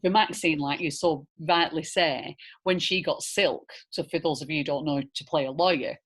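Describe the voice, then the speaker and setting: Chatty Lancashire woman, husky. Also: low voice, normal speed. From northern England. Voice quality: rounded, slightly old-fashioned accent. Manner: chatty, animated, many fillers and "do you know what I mean". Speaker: actress guest. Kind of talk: casual conversational Q&A.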